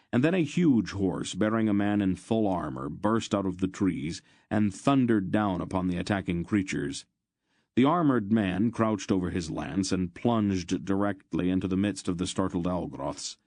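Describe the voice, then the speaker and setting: Man, very deep voice, dry close recording, steady measured audiobook narration. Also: no room sound. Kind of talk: scripted fantasy narration.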